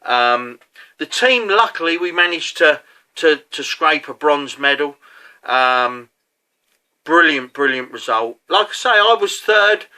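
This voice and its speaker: A man's voice: a little high, animated, slow pace, pushed and bright. A man, a competitive angler, recounting a match in a chatty, casual way, full of fillers and asides. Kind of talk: casual storytelling.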